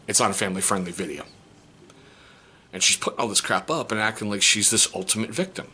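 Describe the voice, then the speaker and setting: Seething, husky-voiced man venting. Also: lowish voice. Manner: seething, restrained, voice cracking into sharp outbursts. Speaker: step-parent vlogger. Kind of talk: angry personal vlog monologue.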